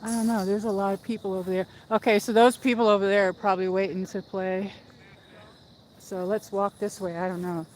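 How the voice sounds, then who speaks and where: A woman's voice: medium pitch, level tone, fairly quick, a little mellow, a little hiss or hum, rough recording. A woman hosting a casual livestream while walking up a hill in a park outdoors, chatty and rambling, out of breath, on a phone mic. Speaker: livestream host.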